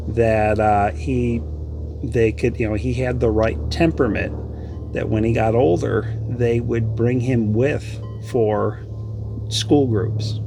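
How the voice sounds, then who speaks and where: A man vlogging, telling a personal story in a reflective, halting way with restarts. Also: mid-range voice, gravelly. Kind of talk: casual storytelling.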